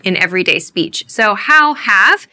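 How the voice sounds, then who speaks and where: A woman teaching everyday English phrases, repeating each one slowly and clearly for learners. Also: medium pitch, animated, sharp tone. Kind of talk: scripted English lesson.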